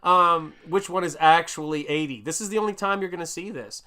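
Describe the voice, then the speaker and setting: Crowd noise accompanies a middle-aged American man who paints during a casual livestream, reading out viewer comments with plenty of exclamations. He speaks a little fast in a voice on the high side.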